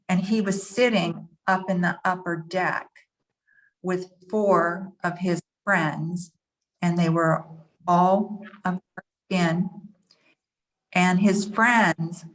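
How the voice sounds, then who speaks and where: A woman at a church forum sharing a personal story, earnest and shaken, pausing often with fillers. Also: lowish voice.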